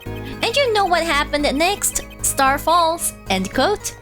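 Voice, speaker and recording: A woman's voice: slow pace, faint music behind, full character voice. A woman voicing a brash, attention-seeking male tabloid journalist while reading game dialogue aloud, tagging his boasts with "end quote". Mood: boastful. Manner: excitable, jumping pitch.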